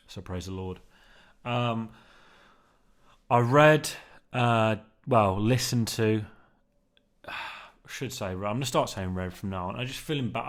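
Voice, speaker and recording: Male vlogger with a lowish voice, casual and rambling, heavy on fillers and "man". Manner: meandering, filler-heavy, keeps saying "man". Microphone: newly bought mic, under test.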